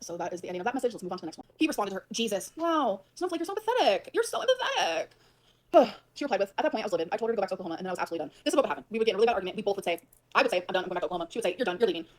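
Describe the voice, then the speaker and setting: A woman rushing through a heated livestream rant at a breakneck pace. Her voice sits in a middle pitch, and she leans hard on her words and swears freely. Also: darkish tone. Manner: fast, emphatic, swears often. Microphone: livestream mic.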